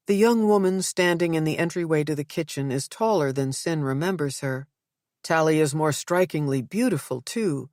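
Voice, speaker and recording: A woman's voice: low voice, moderate pace, a little mellow, dry recording. Woman narrating an audiobook in a dry, close voice. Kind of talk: scripted narration.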